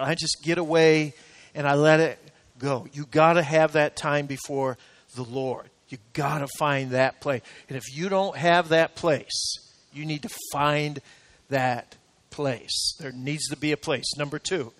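A male pastor preaches in a church sanctuary, his fairly high voice climbing to emphatic, ringing peaks before sinking into soft, close talk. The room adds a long, trailing reverb to every line. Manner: preaching with swelling rising emphasis, then dropping to quiet intimate talk. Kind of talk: sermon.

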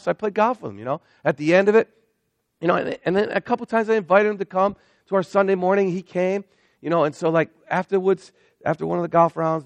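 A male pastor preaching a sermon in an animated way, swinging between loud emphatic lines and hushed asides. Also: on the high side, no room sound.

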